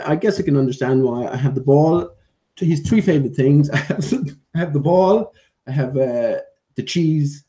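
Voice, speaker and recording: A man talks to his viewers in a loose, rambling way, with plenty of ums and restarts. His voice is mellow and warm. Now and then he breaks off to mock-scold a dog at his feet. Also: a little high. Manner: rambling, with many fillers and restarts; playfully scolds his dog between thoughts. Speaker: vlogger. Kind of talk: casual vlog chat.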